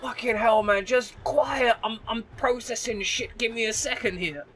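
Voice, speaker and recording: Guy acting out a groggy grumpy dude, swearing, bright highish voice. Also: normal speed. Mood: irritable. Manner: curt, swearing, pleading for quiet. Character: groggy irritable man just woken from a seizure.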